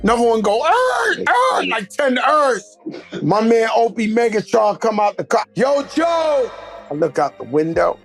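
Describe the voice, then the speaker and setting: A man telling a comedic street story with animated, loud mimicry. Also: sits high, moderate pace, creaky, dry recording. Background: faint music.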